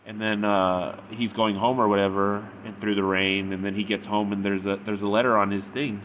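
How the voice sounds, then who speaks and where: A man's voice: lowish voice, level tone, moderate pace, a bit bright, slight background noise. A man retelling a story in a casual, rambling way, with frequent "like" and "or whatever". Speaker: fanfic reviewer. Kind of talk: casual spoken review.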